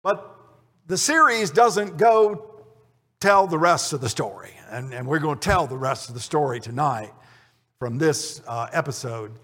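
High-voiced man teaching in a reverberant hall. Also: lively intonation, a little slow, a bit bright. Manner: storytelling, acts out the dialogue in the scene. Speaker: Bible teacher. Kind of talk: conversational Bible teaching. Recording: long reverb of a large hall.

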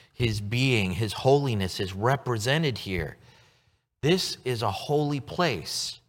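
Lively preaching man in an echoing hall. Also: mid-range voice. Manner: expressive preaching, swinging from loud to hushed. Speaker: pastor. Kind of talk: sermon.

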